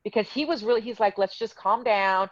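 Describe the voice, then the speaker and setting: A woman's voice: medium pitch, brisk, no room sound, muffled recording. Indignant woman telling her story. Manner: heated, indignant retelling with quoted dialogue. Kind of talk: casual storytelling interview.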